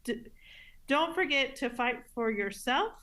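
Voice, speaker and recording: A woman's voice: high-pitched, animated, a little slow, pushed and bright. A woman hosting a podcast interview, speaking in a supportive, reassuring, affirming way. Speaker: podcast host. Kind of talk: conversational interview.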